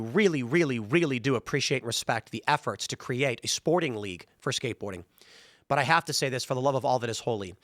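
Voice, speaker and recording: Animated, blunt male show host. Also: medium pitch, no echo, clean studio sound. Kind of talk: opinion commentary.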